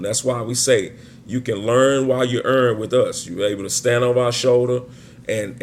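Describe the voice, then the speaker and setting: A man's voice: fairly low pitch, a little hiss or hum. A man teaching sports betting in a casual screen-share walkthrough, chatty and often checking in with his listeners. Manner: chatty, keeps checking in with "right?" and "guys".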